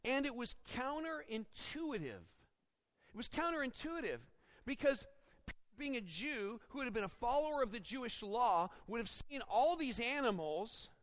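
High-voiced preaching man. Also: normal speed. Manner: expository preaching with acted-out quotes; animated, rising when dramatizing. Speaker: pastor. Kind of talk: sermon.

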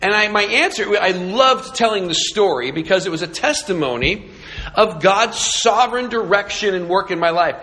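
A middle-aged pastor from California, speaking in a high, sharp, expressive voice at normal speed, relates a sermon story with sarcasm and self-mockery. His flippant delivery echoes through a church sanctuary's hall reverb.

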